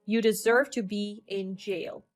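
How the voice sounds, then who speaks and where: A woman's voice: mid-range voice, fairly even intonation, unhurried, natural voice. A woman voicing a stern, protective older uncle in a storytelling narration, speaking firmly. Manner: firm, commanding.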